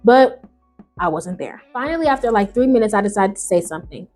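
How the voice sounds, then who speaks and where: A woman hosting a video, reading online stories aloud and reacting in animated, slangy, casual talk, jumping between loud high bursts and low mutters. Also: a little fast, faint music behind. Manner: animated, slangy, talks back to the story. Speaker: YouTube host.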